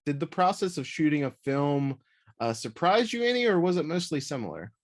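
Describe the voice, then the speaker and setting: A man's voice: fairly high pitch, sing-song, a little fast. A man interviewing an actor in a casual, upbeat way, with lots of "like" and "you know" fillers.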